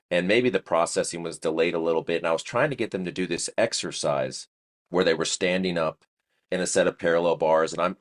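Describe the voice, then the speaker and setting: A man in his forties who teaches physical therapy, speaking in a very low voice. He tells his story in an earnest, reflective way, as in a casual conversation.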